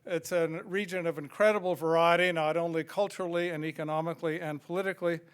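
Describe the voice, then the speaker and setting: A man's voice: a little high, fairly even intonation, fast talker, smooth. An older American man giving a public lecture in a reflective, conversational way, with frequent fillers. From United States. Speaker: guest lecturer. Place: lecture hall.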